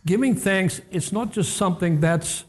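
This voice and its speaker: A male pastor preaching a sermon in a church, animated and emphatic, repeating key phrases. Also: high voice, normal speed. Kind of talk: sermon storytelling. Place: church hall.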